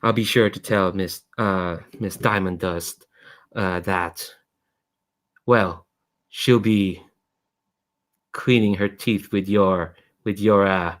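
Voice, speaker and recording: A man's voice: low voice, fairly even intonation, slow, pauses often. A man voicing a pompous teenage boy in steampunk goggles, who speaks with a Midwestern accent and blusters while fumbling for insults. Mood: blustering. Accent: Midwestern American.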